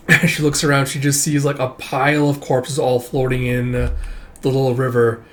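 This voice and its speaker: A man's voice: medium pitch, completely flat delivery, normal speed, a bit bright. Rambling man reading a comic aloud. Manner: rambling, frequent fillers, casual swearing. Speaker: manga read-through channel host. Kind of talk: casual reading commentary.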